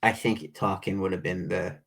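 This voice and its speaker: A man with a somewhat low voice co-hosts a casual podcast chat. He talks in a relaxed way and slips quoted film lines into the conversation. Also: normal speed. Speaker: podcast co-host.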